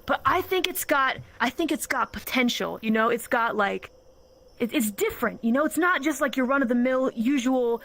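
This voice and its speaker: A woman's voice: sits high, animated, normal speed, a bit bright. A woman voicing a curious young wife who is shopping for a pet, in an eager, chatty way.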